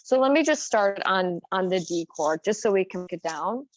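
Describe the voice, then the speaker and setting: A woman's voice: medium pitch, expressive, moderate pace, no echo. A woman giving a casual guitar lesson who thinks aloud, with plenty of fillers as she explains. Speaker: guitar teacher. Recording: slightly dull recording with guitar. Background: her own guitar playing.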